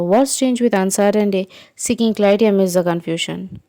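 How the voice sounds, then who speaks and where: A woman narrating a second-person fan fiction story in an even, unhurried way. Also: mid-range voice, no echo.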